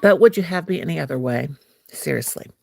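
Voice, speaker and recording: A woman's voice: deep voice, lively intonation, brisk, creaky, a little hiss or hum. A woman hosting a crochet livestream from home, chatting playfully and slipping into sing-song as she works. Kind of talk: casual livestream chat while crocheting.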